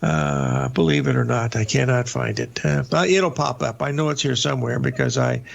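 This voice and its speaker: A man's voice: mid-range voice, animated, normal speed, vocal fry. An older man hosting a live market show, rambling through charts in a folksy way with many filler uhs and restarts. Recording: dull lo-fi broadcast audio.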